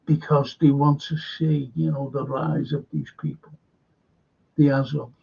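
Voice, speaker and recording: A man in a rambling, opinionated monologue, halting and repeating words, with a sarcastic edge. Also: fairly high pitch, little pitch movement, gravelly, a little mellow, husky, highs cut off.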